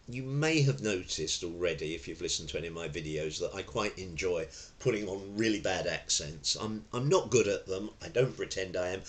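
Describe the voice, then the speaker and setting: A man's voice: deep voice, fairly bright tone. An older man from London, teaching a self-defence lesson in a chatty, digressive way with frequent fillers and self-corrections. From London, England. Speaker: tai chi and self-defence instructor. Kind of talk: informal spoken lesson.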